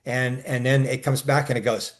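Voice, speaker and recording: A man co-hosting a casual discussion, talking in long rambling stretches full of restarts and filler sounds, and growing animated as he recounts his exchanges. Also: medium pitch, moderate pace. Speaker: co-host.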